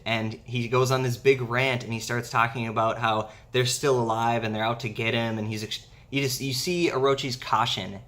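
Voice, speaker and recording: A man's voice: medium pitch, a bit bright. A man hosting a casual manga discussion, recapping events in a rambling way and leaning on "essentially" and "yes".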